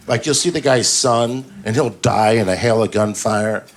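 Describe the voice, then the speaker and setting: A man doing a stand-up comedy set on a club stage, telling stories in a deadpan way and slipping into quick put-on voices for the characters. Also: on the low side. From Southern California. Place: comedy club stage before a live audience. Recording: live club recording, loud audience noise.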